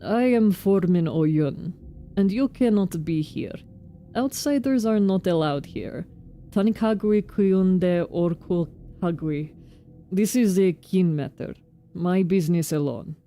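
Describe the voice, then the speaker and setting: A towering, proud male foreman speaks, voiced by a woman in a put-on Russian-style accent. The voice is dropped low and darkly mellow. Each line is grave and clipped, as if he guards his ground. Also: slow, soft background music. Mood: suspicious.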